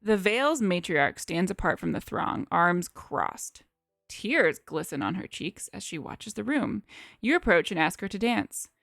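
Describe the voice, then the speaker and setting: A woman's voice: mid-range voice, sing-song, unhurried, vocal fry, a bit bright, no echo, clean studio sound, faint music behind. A woman co-player on a live stream, reading story text and chatting playfully.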